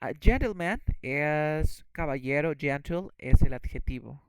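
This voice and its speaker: A man's voice: a little high, lively intonation, moderate pace, clean tone, dry recording, low-quality recording. A man whose first language is Spanish, teaching English vocabulary and often checking in with "okay?". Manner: repeats words, checks in with "okay?". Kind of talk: bilingual lesson explanation.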